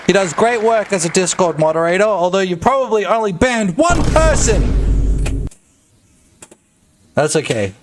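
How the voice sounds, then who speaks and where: A man's voice: high voice, very animated, a little slow, long pauses, background noise. A young man streaming his game development live, talking crudely and jokily in rambling bursts full of filler tags. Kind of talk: casual live-stream chat.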